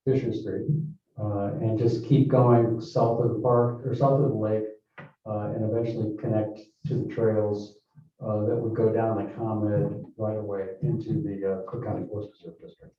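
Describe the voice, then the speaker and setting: A man presenting a development project at a town board meeting, speaking haltingly with many fillers and restarts. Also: fairly low pitch, little pitch movement. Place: town hall meeting room. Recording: echoey council chamber, distant mic, muffled.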